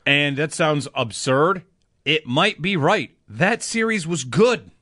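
A man hosting sports talk radio, animated and emphatic, often pushing his voice up into loud bursts. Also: fairly high pitch, slow pace, dry recording, studio quality.

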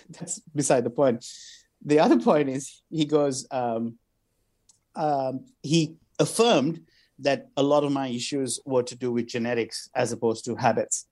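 A man's voice: mid-range voice, unhurried. A man, a comedian chatting casually and telling anecdotes with lots of quoted voices. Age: 30s. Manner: animated storytelling with quoted voices. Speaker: podcast co-host, comedian. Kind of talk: casual chat.

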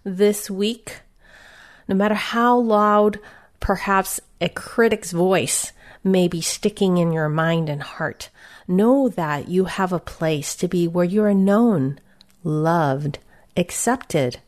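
A woman guides a Christian devotional meditation, speaking very slowly and gently. Her voice sits a little low and stays soothing and reflective, inviting quiet rest.

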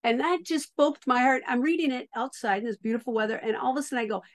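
A woman hosting a faith interview, warm with praise and enthusiastic about the book she discusses. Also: on the high side, quick pace. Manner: enthusiastic, effusive. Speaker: interview host.

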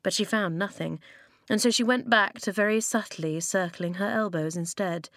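A woman narrating an audiobook in a calm, even storytelling manner. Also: mid-range voice, normal speed, no echo, clean studio sound.

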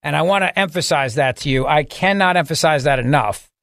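A man's voice: fairly high pitch, fairly quick, fairly bright tone, dry recording. A man hosting a talk radio show in a studio, opinionated and jokey, talking emphatically. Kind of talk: casual talk radio banter and commentary. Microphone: studio microphone.

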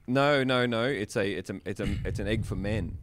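A man's voice: lowish voice, normal speed, crowd noise. Laid-back man tossing in crude jokes. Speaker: podcast co-host. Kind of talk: casual chat.

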